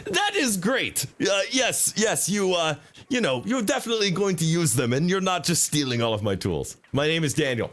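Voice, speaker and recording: A man's voice: a little high, very animated, normal speed, fairly bright tone, voice pushed up. A man voicing a fussy, passive-aggressive game character who stammers and puts on sarcastic politeness. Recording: faint background game music.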